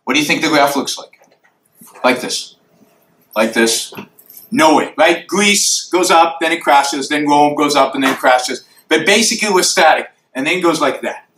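High, bright-voiced man lecturing emphatically. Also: normal speed, echoey room, slight background noise, rough recording. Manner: emphatic, drawing graphs in the air for the audience. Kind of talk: lecture Q&A answer. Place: university lecture hall.

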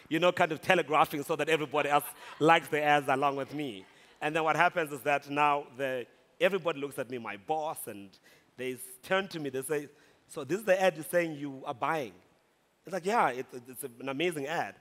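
A man from South Africa giving a humorous, animated conference talk. He tells a story and rises into shouts at the punch lines. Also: fairly high pitch, fairly quick. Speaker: speaker at a conference. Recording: long hall reverb.

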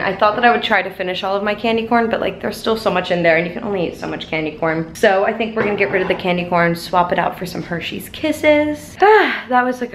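A young woman vlogging into a handheld camera, chatty and expressive, with plenty of "like" in her talk. Her voice sits at an ordinary middle pitch. She sounds casual and open. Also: noisy background. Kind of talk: casual vlog chat to camera.

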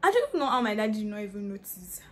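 A woman's voice: medium pitch, sing-song, racing. A young woman tells a funny personal story in a casual vlog, laughing often and dropping into whispers. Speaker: vlogger.

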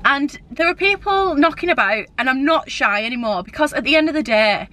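A young woman, chatting giddily to a handheld camera in a casual vlog, getting loud when excited. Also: high-pitched, a little fast. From England. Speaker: vlogger. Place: in a car and out and about at a shopping centre. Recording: noisy background with traffic.

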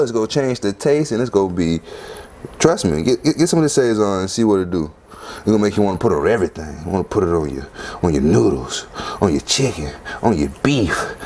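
A man hosting a home cooking video, talking casually and lively as he walks through each step. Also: quick pace, slight background noise. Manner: chatty, lively, punctuates steps with "boom".

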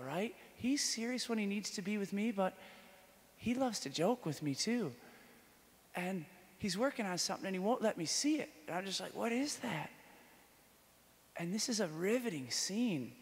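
High-voiced priest in a reverberant hall. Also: male voice, normal speed. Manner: animated, jokes with the audience, swings from hushed to excited. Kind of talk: conference talk, storytelling sermon.

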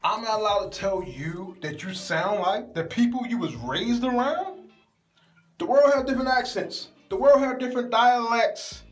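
A man's voice: high-pitched, echoey room. A young man delivers an exasperated, profane comedic rant to camera, full of rhetorical questions. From Baltimore, USA.

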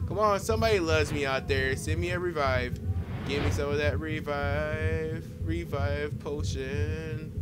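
Male gamer, casual live commentary, mid pitch, jumpy reactions, game gunfire loud in the mix. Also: very noisy. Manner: excitable, swearing, laughing at his own play. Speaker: gaming commentator. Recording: gunfire from the game behind his voice.

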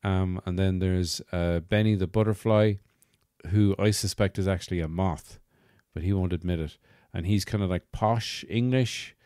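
A man's voice: sits low, fairly even intonation, moderate pace, warm tone, clear, resonant tone, no room sound, studio quality. A man hosting a podcast, telling a comic story in a wry, rambling, self-mocking way. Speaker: podcast host. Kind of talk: comic monologue.

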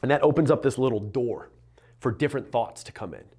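An earnest male coach speaks straight to camera in a motivational talk. His voice sits at an ordinary middle pitch, and he leans hard on his words. He slows right down whenever he wants a point to land. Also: a little mellow. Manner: earnest, emphatic, slows down on key phrases. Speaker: entrepreneurship and mindset coach.

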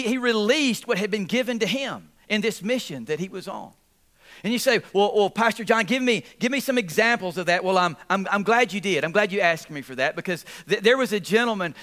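A man's voice: sits high, moderate pace. A man preaching a sermon as pastor, repeating phrases and calling on the congregation for responses. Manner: repetitive, animated preaching with audience call-outs.

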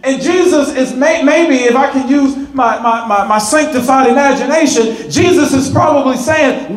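A man with a high-pitched voice preaching in a church sanctuary. He is animated, repeating his words as he builds emphasis, and the voice rings out through a roomy, echoing space. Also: normal speed, hardly any pauses. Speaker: pastor. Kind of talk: sermon.

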